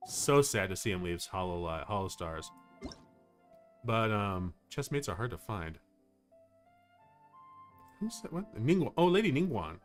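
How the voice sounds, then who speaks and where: Lively, rambling male streamer. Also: on the low side, measured pace, pauses often, soft background music. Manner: rambling, excitable, lots of fillers and laughs. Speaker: VTuber streamer. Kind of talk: casual livestream chat while gaming.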